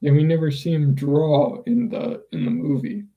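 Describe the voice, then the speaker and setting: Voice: medium pitch, lively intonation, normal speed, phone-quality sound. A host reading a novel aloud in a casual way, breaking off for chatty asides. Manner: chatty, laughs and swears in asides. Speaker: book reader and host.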